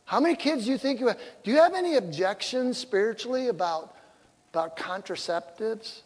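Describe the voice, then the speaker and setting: High-voiced older male pastor preaching. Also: animated, a little fast, slightly rough. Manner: humorous, acts out quotes. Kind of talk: sermon. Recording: long hall reverb.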